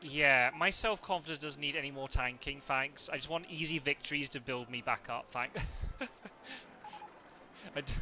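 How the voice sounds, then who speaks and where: Bright, chatty man streaming a game. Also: medium pitch, normal speed. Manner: rambling anecdotes, laughs often, swears casually. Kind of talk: casual chat while playing live.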